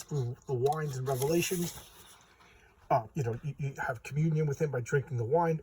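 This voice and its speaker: A man giving a casual, chatty walkthrough of a comic book, retelling the story in loose talk full of "you know" and quick asides. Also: medium pitch, darkish tone, slight background noise, poor audio. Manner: acts out characters' lines in quick voices.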